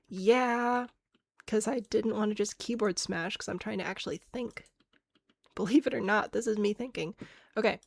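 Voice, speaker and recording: A woman's voice: mid-range voice, normal speed, vocal fry, no room sound. A woman streaming a game, chatting casually, thinking aloud and answering chat with self-mocking laughs. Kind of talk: casual live-stream chat while playing.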